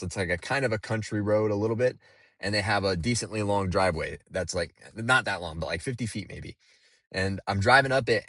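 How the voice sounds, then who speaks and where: A man with a lowish voice tells a story straight to the camera, rambling and loose, full of "like" and "you know" and casual swearing. The sound is dry and close, with no room echo. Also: fairly bright tone. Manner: rambling, swears freely, heavy with fillers. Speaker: delivery driver.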